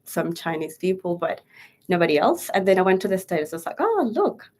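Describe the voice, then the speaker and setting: Chatty Chilean woman, slightly low voice. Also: fairly even intonation, a little fast, a little mellow. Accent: Chilean Spanish. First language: Spanish. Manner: chatty, laughs often, many fillers. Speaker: guest. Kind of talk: casual interview chat.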